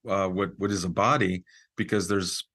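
Speaking at a moderate pace in a low-sitting voice, a man on a podcast spins a casual, animated story. He uses lots of fillers and frequently acts out what others said.

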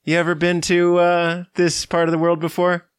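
A man's voice: sits high, completely flat delivery, normal speed, clear, resonant tone, dry recording, studio quality. A man co-hosting a cycling podcast, talking in an enthusiastic, chatty way and thinking aloud as he goes. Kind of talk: casual chat.

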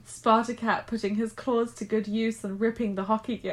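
A woman's voice: on the high side, flat delivery, moderate pace, hardly any pauses. A woman co-hosting a podcast, chatting casually and reading fan fiction aloud, often breaking into giggles mid-sentence. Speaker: podcast co-host.

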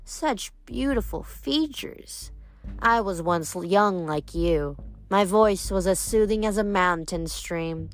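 Lady doing a creepy old water nymph, slow and threatening, lowish voice. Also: faint music behind. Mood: menacing. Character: bitter ancient female water nymph, vengeful.

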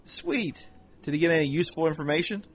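An actor playing a special agent with a dry wit who turns stern in the interrogation room. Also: male voice, a little high, expressive, quick pace, slight background noise. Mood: wry.

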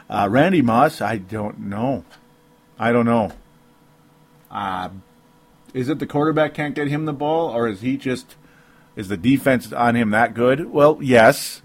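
A man giving a solo sports opinion podcast, rambling and interrupting himself with frequent rueful laughs. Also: mid-range voice. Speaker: sports commentator.

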